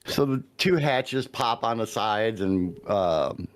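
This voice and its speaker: A man's voice: lowish voice, expressive, slow. A man co-hosting a podcast, casually and enthusiastically recapping scenes, swearing now and then. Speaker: podcast co-host. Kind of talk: casual chat recapping a show.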